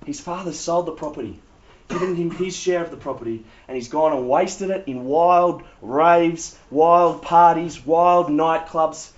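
A man preaching a sermon, telling stories with animated humor. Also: on the high side, measured pace. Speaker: pastor. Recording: dull lo-fi sound.

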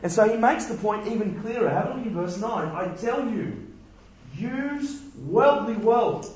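A man's voice: high-pitched, animated, a little slow, a little mellow, very echoey, muffled recording. A man giving a conversational sermon full of rhetorical questions. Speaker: preacher.

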